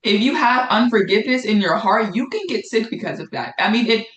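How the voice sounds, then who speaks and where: Animated and fairly quick, a woman with a voice on the high side teaches a casual spoken Bible study. She talks conversationally and repeats phrases for emphasis, and the room echoes.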